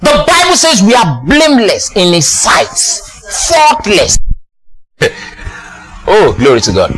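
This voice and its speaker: A man preaching a sermon, exuberant, often laughing and shouting praise and calling out to the congregation. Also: sits high, huge pitch swings, takes it slowly, long pauses, faint music behind.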